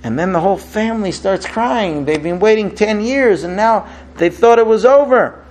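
High-voiced man telling a sermon parable. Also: normal speed, darkish tone, poor audio. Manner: storytelling, acting out dialogue with rising emotion. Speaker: rabbi.

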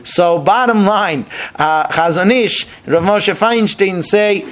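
A middle-aged man teaching an informal Torah lesson as a rabbi, animated and acting out the rabbis he quotes with rising emphasis. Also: sits high.

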